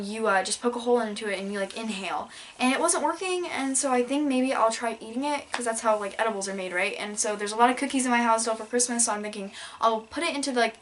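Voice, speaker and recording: A young woman vlogging at home, rambling through her haul with a deadpan tone and lots of "like" and "um". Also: on the high side, a little hiss or hum. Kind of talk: casual haul vlog, rambling story time. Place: indoors at home in front of a backdrop.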